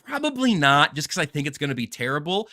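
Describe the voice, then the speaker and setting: A man's voice: fairly high pitch, sing-song, fast talker, sharp tone, no room sound, studio quality. A man hosting a casual sports podcast, rambling and joking in a self-deprecating way. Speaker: podcast host.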